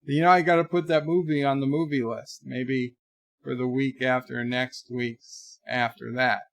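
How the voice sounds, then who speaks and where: A man's voice: medium pitch, steady tone, a little slow, gravelly, no echo. A man hosting a live stream, reading viewers' chat messages aloud in a rambling, chatty way. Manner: chatty, rambling, trails off quietly.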